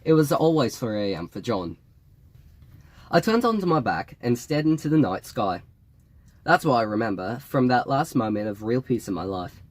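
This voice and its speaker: A man reading an audiobook in a wry, measured storytelling manner. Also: medium pitch. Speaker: audiobook reader. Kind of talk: audiobook narration.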